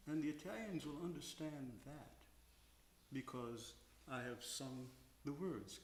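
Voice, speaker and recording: A man's voice: on the high side, roomy sound. An older man, a veteran opera tenor, talking reflectively about singing at a stage Q&A and now and then singing short examples. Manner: reflective, slow, sings short examples to illustrate. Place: concert house stage.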